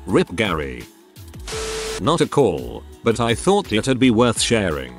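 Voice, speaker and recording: A man narrating online stories in a scripted, steady reading style, with occasional odd mispronunciations. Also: fairly low pitch, slow pace, over music. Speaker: narrator reading Reddit posts.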